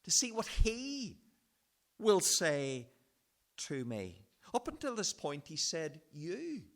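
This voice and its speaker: Animated male preacher, slow and emphatic. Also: fairly high pitch. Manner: impassioned, voicing the prophet's complaint. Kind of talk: sermon. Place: church.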